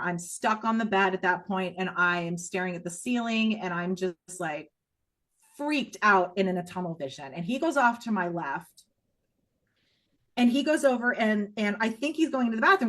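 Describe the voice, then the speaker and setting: A middle-aged woman speaking as a podcast guest, giving emotional personal testimony in a raw, blunt way, her voice swinging from low and hushed to high and loud. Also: lively intonation, moderate pace. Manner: blunt, with strong profanity.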